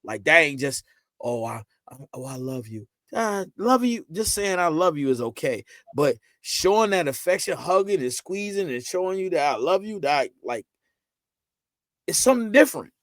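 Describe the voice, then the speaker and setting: A man speaking chats as a podcast guest. He tells stories with energy and jumps his voice up when he quotes family and friends. The sound is close and dry, with no room echo. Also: moderate pace. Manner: animated storyteller, acts out quotes with rising pitch. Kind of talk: casual podcast conversation.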